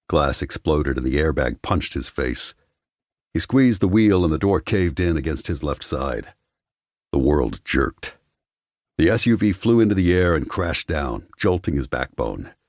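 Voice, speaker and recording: A man giving measured, wry scripted narration of an audiobook on a close studio mic. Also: rumbling low, dry recording.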